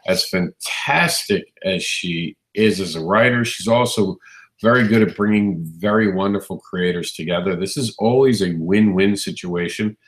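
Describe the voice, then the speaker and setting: Hoarse low-voiced man hosting live show. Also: normal speed, roomy sound. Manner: enthusiastic, rambling with restarts. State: hoarse, recovering lost voice. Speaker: host. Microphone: phone mic, standing close.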